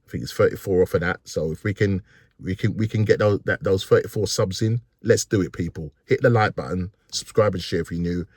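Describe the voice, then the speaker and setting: Low-voiced man ranting about football. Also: fairly quick, darkish tone, slightly rough, no room sound, clean studio sound. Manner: rambling, many ums and restarts, resigned. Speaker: football fan channel host. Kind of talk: casual match reaction monologue.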